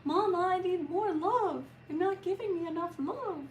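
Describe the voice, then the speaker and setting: A tiny pet dog whines and begs in a high, pleading voice, as a woman puts her on. The sound is roomy and a little distant from the mic. A faint hum sits behind it. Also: normal speed. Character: small needy female pet dog begging.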